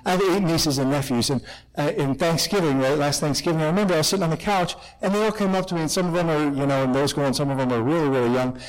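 A young man, a Catholic priest, giving an animated talk to a conference crowd, acting out voices as he tells stories. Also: on the high side, very fast, low-quality recording. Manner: animated storytelling, acts out kids' voices.

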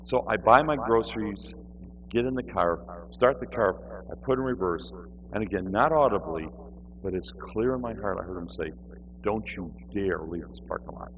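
A man preaching in church, telling a story in an animated way and mimicking his own whining. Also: on the low side, moderate pace, phone-quality sound, a little hiss or hum. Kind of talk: storytelling sermon.

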